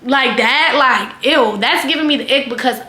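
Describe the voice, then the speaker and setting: A young woman spins a casual storytime in a high, bright voice. She talks in a chatty, animated way, dropping fillers and swear words. The sound rings a little in an echoey room. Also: normal speed. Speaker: vlogger.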